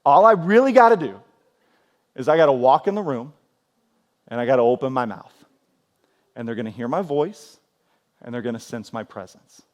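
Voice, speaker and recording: A man in his forties preaching a sermon in a church, telling stories in a lively way and acting out scenes with sudden loud outbursts. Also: mid-range voice, moderate pace, pauses often, dull audio. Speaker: pastor. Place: church sanctuary.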